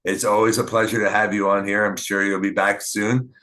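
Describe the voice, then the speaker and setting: A man from Canada hosting a podcast, talking in a casual, rambling way with many fillers and halting restarts. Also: on the low side, flat delivery, sharp tone. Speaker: podcast host. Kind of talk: casual interview chat. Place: small town.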